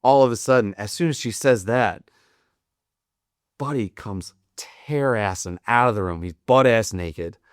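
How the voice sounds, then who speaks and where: A young man spins a rambling, profane story with frequent laughter, in a low voice. He speaks slowly and unhurriedly. The sound is dry and close, with no room around it. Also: clean tone, no echo. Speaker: podcast guest, Marine veteran. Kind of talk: casual storytelling.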